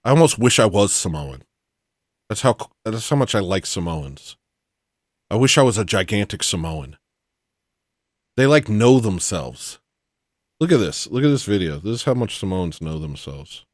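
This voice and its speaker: Lively, rambling livestream host. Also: male voice, on the low side, normal speed, pauses often, dry recording, studio quality. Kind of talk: rambling comedic livestream rant.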